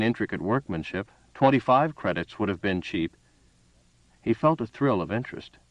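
A man narrating a story in a steady, even reading voice. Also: on the low side, no echo, lo-fi sound. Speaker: audiobook narrator. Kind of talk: scripted narration.

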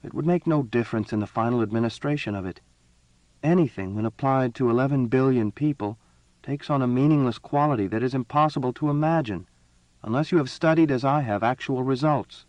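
A man voicing a proud, impatient young empress in an audiobook reading, speaking higher and more commandingly than his own voice. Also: a little fast, a little mellow, dry recording, close to an everyday voice. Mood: imperious. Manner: raised pitch, commanding and cutting.

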